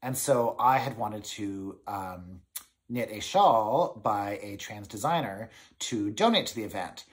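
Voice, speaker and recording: Chatty, excitable male knitting podcaster. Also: fairly low pitch, unhurried. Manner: excitable, rambling with fillers. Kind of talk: casual chat to camera.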